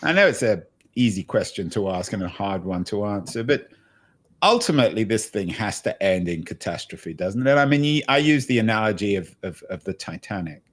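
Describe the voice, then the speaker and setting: A man's voice: fairly low pitch, lively intonation, a little fast. A man hosting an interview podcast, wry and joking, often restarting his sentences. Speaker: podcast host. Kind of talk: conversational interview.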